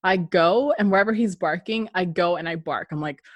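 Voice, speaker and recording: A woman's voice: fairly low pitch, a little fast, no echo. A woman hosting a podcast, chatting casually and laughing often. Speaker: podcast host. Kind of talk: casual chat.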